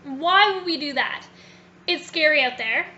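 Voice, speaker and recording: A woman's voice: high voice, unhurried, bright, forceful tone, lo-fi sound. A woman voicing a stubborn, entitled little man who is afraid of change, with an insistent, whiny way of talking. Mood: fearful.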